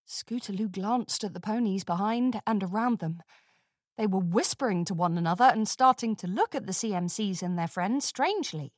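A woman narrating a children's storybook in an expressive, unhurried reading. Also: medium pitch, no room sound.

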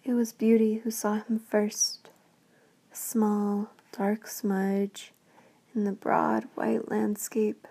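Slow whispering woman storyteller. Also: mid-range voice, level tone, vocal fry, breathy edge. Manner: slow, hushed, half-whispered. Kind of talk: whispered bedtime story reading.

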